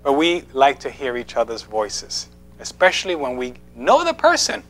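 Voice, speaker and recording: A man's voice: medium pitch, huge pitch swings, moderate pace, fairly bright tone. A man giving a conversational sermon in a church, playful, asking the congregation questions and laughing often. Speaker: preacher. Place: church sanctuary.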